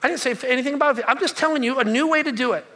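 Jesus , as a preacher puts him on, talks like a patient counselor who will not budge. He repeats himself and presses the same point again. The voice sits high and bright in a church. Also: rapid-fire, exaggerated voice. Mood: insistent. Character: Jesus, calm man gently correcting a couple.

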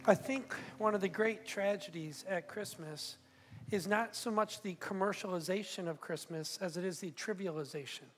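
A man's voice: high voice, normal speed, soft background music. Middle-aged man, conversational pastor. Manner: conversational, personal storytelling with restarts. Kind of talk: sermon.

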